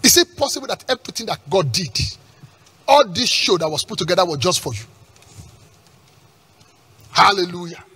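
Male pastor, high husky voice, lively swooping delivery; emphatic sermon with call-and-response and shouts. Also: moderate pace, long pauses. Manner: emphatic preaching with call-and-response questions and repeated words; breaks into shouts at peaks.

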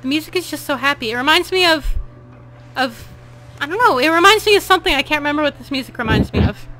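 A woman with a high, bright voice hosts a casual co-op game session. She laughs often and swears freely as she plays. Her tone stays playful and loose throughout. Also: expressive, fast talker, a little hiss or hum, rough recording. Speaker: let's play host. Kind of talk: casual gameplay chat.

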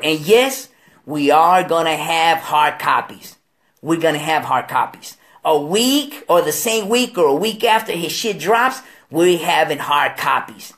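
On his live stream, this slightly high-voiced show host from Delaware keeps things casual, cursing and using street slang. He tells lively stories and acts out the characters with impressions.

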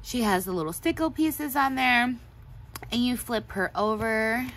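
A woman's voice: a little high, animated, a little slow, fairly bright tone. Gushing chatty woman crafter. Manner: gushing, chatty, laughs often. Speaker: craft channel host. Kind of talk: casual show-and-tell chat.

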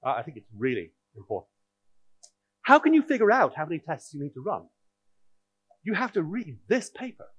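A man's voice: on the high side, slightly rough, no room sound. A man giving a technical conference talk, explaining in a wry, audience-directed way. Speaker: conference speaker.

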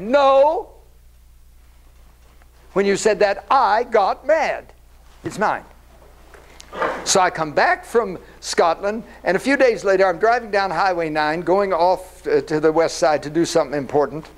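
Animated older man telling a story. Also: sits high, a little hiss or hum, low-quality recording. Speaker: speaker. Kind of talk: storytelling talk.

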